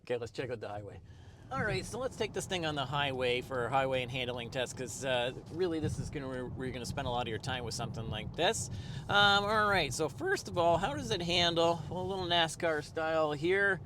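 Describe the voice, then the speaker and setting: A man's voice: fairly high pitch, lively intonation, a little fast, background noise. Chatty middle-aged man reviewing from a car. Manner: chatty, upbeat, lots of ums and asides. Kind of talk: casual car review walkthrough. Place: inside a car, driving.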